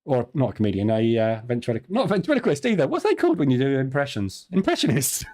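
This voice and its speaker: A man's voice: medium pitch, wildly swooping pitch, fast, mellow. Chatty southern English man. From southern England. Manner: chatty, jokey, laughs easily, answers viewers' questions aloud. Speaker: live trading stream host. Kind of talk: casual live-stream chat.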